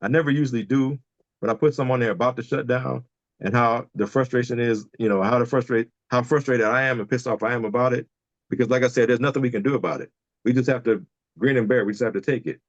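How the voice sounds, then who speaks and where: A man's voice: mid-range voice, fast talker, no room sound, dull audio. Man venting frankly on a call. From Detroit, Michigan. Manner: candid and fired-up, swears freely, repeats himself when heated. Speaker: podcast guest. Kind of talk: casual chat over video call. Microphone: remote video call.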